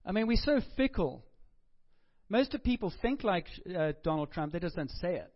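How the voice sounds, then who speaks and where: A man's voice: sits high, very animated, moderate pace, lo-fi sound. A middle-aged man, a pastor, giving a chatty, joking sermon in a conversational way.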